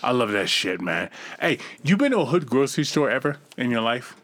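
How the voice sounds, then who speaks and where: Animated, fast-talking man on a podcast. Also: mid-range voice. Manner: animated profane storytelling. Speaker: podcast co-host. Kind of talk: casual podcast chat.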